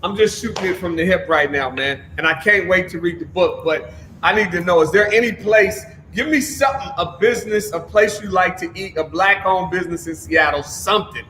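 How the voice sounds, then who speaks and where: A man hosting a livestream show in a loud, upbeat, slangy way, often yelling. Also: sits high, fairly quick, a little hiss or hum. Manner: energetic, yells a lot, slangy. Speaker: show host. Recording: echoey room with a long reverb.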